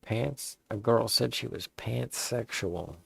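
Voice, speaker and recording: A man casually working out jokes in a deadpan way, stopping to rework punchlines. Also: lowish voice, measured pace, no echo. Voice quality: gravelly, husky. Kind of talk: casual joke drafting.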